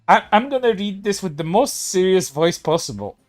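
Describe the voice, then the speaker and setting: A man's voice: high-pitched, big pitch swings, normal speed, few pauses, soft background music. A man hosting a mocking commentary, reading out posts sarcastically and cracking up. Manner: sarcastic, breaks into laughter. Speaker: commentary host.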